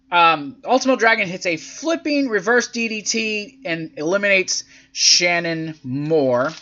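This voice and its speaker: A high, lively male voice with a bright edge, swearing freely while recapping wrestling matches in a casual, sarcastic tone. He acts out quotes in silly voices, and the recording sounds dull and lo-fi. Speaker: podcast host reviewing wrestling events.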